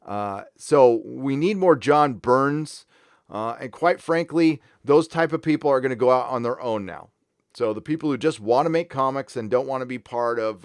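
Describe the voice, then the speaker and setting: A man's voice: mid-range voice, clear, resonant tone. A man hosts a casual live stream, talking in a mid-range voice that wanders and doubles back with plenty of fillers. He chats offhandedly and breaks into easy laughter now and then. The sound is close and dry, with no room echo. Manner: rambling, offhand, laughs easily, frequent fillers and restarts. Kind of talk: casual live stream chat reading viewer comments.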